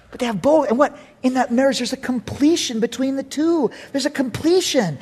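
High-voiced emphatic male pastor preaching. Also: lively intonation, moderate pace, few pauses. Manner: emphatic, repeats key phrases, playful asides. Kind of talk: sermon.

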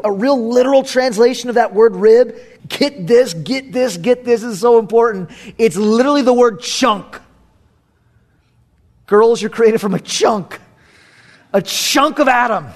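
A middle-aged male pastor preaching a sermon, emphatic, repeating key phrases with playful asides. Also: high-pitched.

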